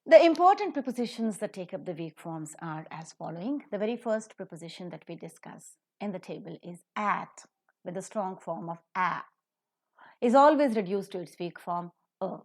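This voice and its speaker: A woman teaching a phonetics lesson on weak forms, with speech and slow, emphatic model sentences. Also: lowish voice, animated, darkish tone. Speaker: English pronunciation teacher.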